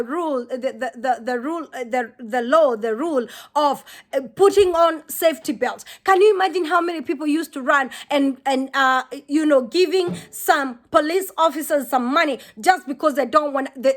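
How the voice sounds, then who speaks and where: A woman's voice: sits high, a bit bright. A woman from Kenya talking straight to her viewers in a vlog, impassioned and preachy, often repeating her words. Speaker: vlogger. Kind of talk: earnest vlog monologue.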